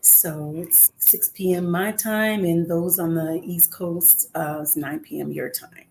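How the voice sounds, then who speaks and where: Middle-aged lady singer calling in, lowish voice, chatty, lots of ums. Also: fairly even intonation, a little slow, creaky, darkish tone, slight background noise. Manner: conversational with frequent "um" fillers, earnest and encouraging. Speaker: guest singer. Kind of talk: casual interview. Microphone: remote call.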